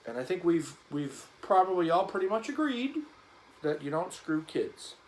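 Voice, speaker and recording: A man's voice: a little high, big pitch swings, moderate pace, low-quality recording. A man vlogging casually as he cleans a gun, rambling and joking in an offhand way.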